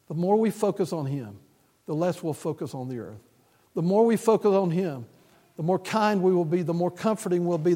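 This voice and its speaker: High-voiced preacher in a reverberant hall. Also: male voice, a little mellow. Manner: earnest, repetitive emphasis, mild humor. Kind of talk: sermon. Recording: long reverb of a church hall.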